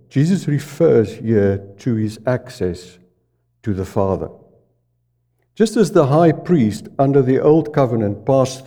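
A man preaching a sermon in a slow, deliberate way, dropping low and soft on the key phrases.

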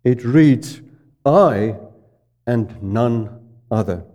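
Slow, dark-voiced male preacher. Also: animated. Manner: slow, deliberate, drops low and soft on key phrases. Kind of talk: sermon.

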